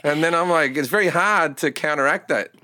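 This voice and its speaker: A middle-aged Australian man, a comedian chatting casually and crudely, full of jokes and quick impressions. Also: on the high side, pushed and bright, no echo. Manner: crude, joking, lots of impressions. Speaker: comedian guest. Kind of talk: casual chat.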